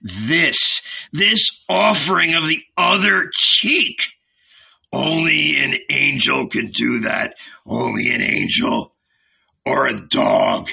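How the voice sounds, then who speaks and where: Man putting on Judas, grumbling red-bearded zealot, gravelly, slow, dull lo-fi sound. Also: mid-range voice, animated, pushed and bright, recorded from a distance, heavily acted. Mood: alarmed commanding. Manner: grumbling, scornful.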